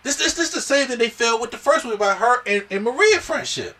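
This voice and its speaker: His voice is very high-pitched and a little fast, and he sits far from the mic. In a casual podcast movie chat, the host gives an animated recap and acts out what the characters say.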